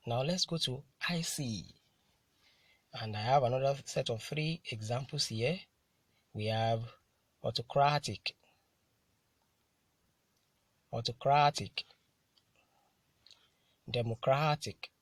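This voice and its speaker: A man teaching English word stress, saying each word slowly and repeating it for the learner to copy. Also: medium pitch, breathy edge, no room sound. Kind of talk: slow drilled pronunciation lesson.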